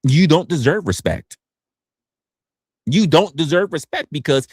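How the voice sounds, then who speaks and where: A man's voice: a little high, expressive, unhurried, pauses often, a little mellow, husky, no room sound, clean studio sound. A man in his forties giving a blunt, profane livestream rant from his home office. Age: 40s. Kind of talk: ranting livestream monologue.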